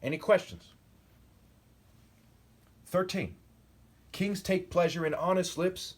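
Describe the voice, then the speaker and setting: A man in his forties with a husky, slightly rough voice holds forth alone on camera. He reads out verses and then rants about them, combative and insulting. He keeps pressing his point with a repeated "okay?". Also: sits high, slow. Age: 40s. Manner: preachy, keeps asking "okay?". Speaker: self-styled preacher. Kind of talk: solo video monologue reading and commenting on scripture.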